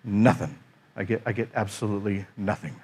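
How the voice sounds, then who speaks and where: A man's voice: lowish voice, brisk, darkish tone, husky. A middle-aged man, a pastor, telling a personal story in a sermon, acting out his own exasperated thoughts.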